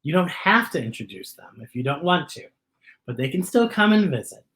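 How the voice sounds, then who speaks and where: A woman voicing a kind female schoolteacher who speaks gently and apologetically. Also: low voice, sing-song, a little fast. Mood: gentle.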